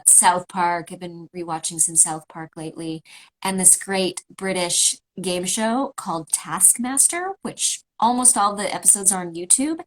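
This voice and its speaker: A woman's voice: fairly low pitch, low-quality recording. A woman from Canada chatting casually on a livestream, joining over a video call and rambling a little with fillers. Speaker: voice actor signing autographs on a livestream. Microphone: remote video call.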